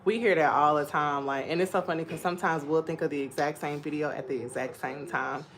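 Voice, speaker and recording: Animated, laughing young woman on a live stream. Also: low voice, a little fast, slight background noise. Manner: animated storytelling, laughs often. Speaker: content creator hosting a live stream. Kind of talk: casual live-stream chat reading comments.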